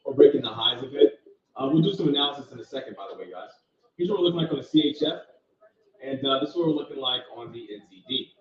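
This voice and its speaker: A man's voice: medium pitch, animated, quick pace. A man hosting a live trading stream, walking viewers through market charts in a casual, direct way and thinking aloud. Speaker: trading channel host. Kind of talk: live market commentary with screen share. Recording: roomy, distant, dull sound.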